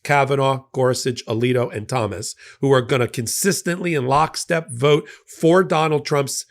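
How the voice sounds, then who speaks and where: A man's voice: mid-range voice, normal speed, vocal fry. A middle-aged man giving a legal analysis commentary, unpacking a court ruling step by step with frequent fillers and restarts.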